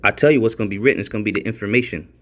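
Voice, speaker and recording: A man's voice: fairly low pitch, rapid-fire. Rambling man reading scripture notes. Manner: repetitive, rambling, frequent "all right?" checks; grows emphatic and excited while reading out definitions. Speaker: religious video commentator. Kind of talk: casual Bible study commentary.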